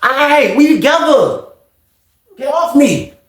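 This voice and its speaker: Brief: a man playing a volatile inmate enforcer, threatening and taunting, with a gravelly edge. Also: sits high, big pitch swings, normal speed, a bit bright, roomy sound, pitched above the performer's own voice, heavily acted.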